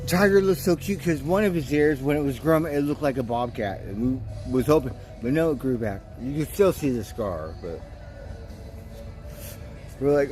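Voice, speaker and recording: A man's voice: medium pitch, animated, moderate pace, darkish tone, faint music behind. A man hosting a livestream, chatting casually and rambling, swearing now and then and cooing at his cats. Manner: laughs easily, swears casually. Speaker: livestream host.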